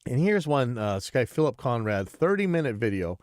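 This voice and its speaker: A man hosting a casual livestream, talking bluntly and rambling with restarts, a bit stuffy and clearing his throat. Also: medium pitch, very animated, a little fast, darkish tone, dry recording, clean studio sound. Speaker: livestream host.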